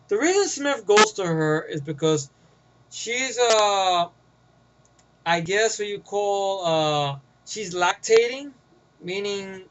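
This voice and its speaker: A man's voice: high voice, a bit bright, rough recording. A man with a New York accent giving a rambling, profane, casual movie review, often getting sidetracked.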